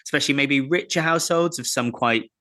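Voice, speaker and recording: A man with a mid-pitched, forceful voice chatting as a podcast guest. He rambles easily and laughs a lot between thoughts. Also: a little fast, dry recording, studio quality. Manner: laughs often, relaxed and rambling. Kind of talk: casual chat.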